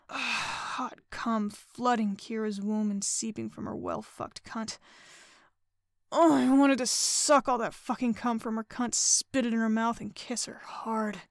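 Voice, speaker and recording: Female erotic-story narrator: breathy, whispered and panting, fairly high pitch, close dry mic. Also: steady tone, slow pace, dry recording. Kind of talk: first-person erotic audio story reading.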